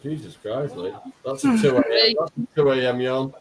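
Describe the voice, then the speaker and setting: A man's voice: medium pitch, very animated, normal speed. A man who teases the others and laughs a lot in casual chat.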